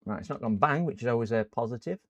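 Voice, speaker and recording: Man, rambling live repair commentary, middle pitch, workshop. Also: animated, quick pace, dull audio, slight background noise. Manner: rambling, chatty, talks to viewers while working. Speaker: repair channel host.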